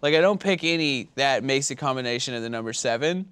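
A man co-hosting a casual chat, laid-back and chiming in with quick remarks. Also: mid-range voice, lively intonation, fairly bright tone, smooth, no room sound.

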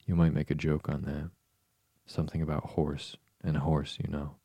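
A man's voice: extremely low pitch, level tone, dry recording. A man reading as a tiny sad gnat. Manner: soft, slow bedtime reading.

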